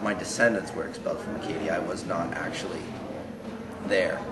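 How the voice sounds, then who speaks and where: A man's voice: low voice, fairly even intonation, a little fast, roomy sound, recorded from a distance, heavy background noise, lightly acted. A young man playing a flustered, defensive interview guest.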